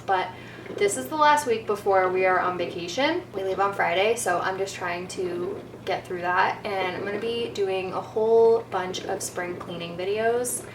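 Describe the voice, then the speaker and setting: A woman chatting casually to her vlog camera in her home kitchen, rambling and often trailing off soft and quiet. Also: lowish voice, background noise. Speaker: cleaning vlogger. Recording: echoey kitchen, mic at a distance.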